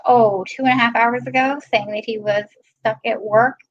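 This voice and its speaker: A chatty woman hosts a casual live stream and greets her viewers one by one. Her voice sits a little high. The audio is dull and lo-fi. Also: fairly even intonation, normal speed. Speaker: live-stream host filling in.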